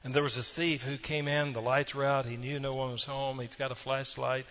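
Preaching at a brisk clip, this pastor uses a flat delivery and a fairly bright tone in an ordinary mid-range voice. His sermon is folksy and story-driven, full of little asides aimed directly at the listeners.

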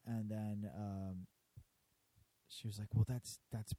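Profane guy, dark voice. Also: on the low side, little pitch movement, takes it slowly, dry recording. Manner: profane, storytelling, acts out customers. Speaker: barbershop worker. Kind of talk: casual chat.

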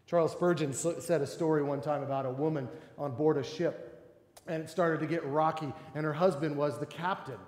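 A male pastor preaching a sermon in a church, acting out quoted voices with animated delivery. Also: fairly high pitch, moderate pace. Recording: echoey church hall.

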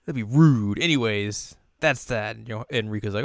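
A man casually recapping an anime episode, acting out the characters' lines in high squeaky voices. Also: moderate pace, vocal fry, hardly any pauses, no echo, studio quality. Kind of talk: casual reaction chat.

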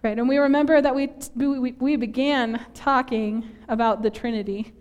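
A woman's voice: on the high side, fairly even intonation, normal speed, darkish tone, lo-fi sound. A woman from northern Minnesota preaching a sermon in a church, chatty and self-deprecating, laughing often at herself.

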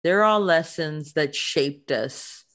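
A woman's voice: sits low, takes it slowly. A woman in casual chat, easygoing and giggly.

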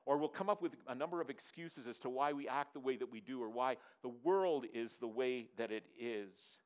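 A man, a pastor, preaching a sermon in an earnest, repetitive way, dropping his voice low for emphasis and asking the congregation to answer. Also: moderate pace. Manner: asks the audience to respond.

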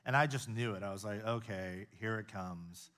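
A middle-aged man from the United States preaching a sermon, building to emphatic peaks and then dropping to soft, confiding storytelling. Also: fairly low pitch, moderate pace. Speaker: pastor. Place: church auditorium with a live audience.

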